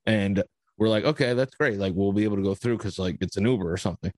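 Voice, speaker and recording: A man's voice: fairly low pitch, fast talker, darkish tone, no echo. A young man, cursing casually as he tells a long story on a podcast. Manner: profane, rambling storyteller. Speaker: podcast host.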